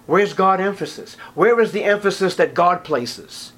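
Man, preacher, sermon, fairly high voice, pleading, hushed then ringing. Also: normal speed, few pauses. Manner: swings from hushed to ringing emphasis; reads scripture in old-fashioned wording.

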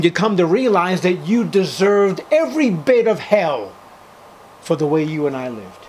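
An older man preaching a sermon at a church service, fervent, swinging between loud outbursts and hushed passages. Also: on the high side, a little hiss or hum, low-quality recording.

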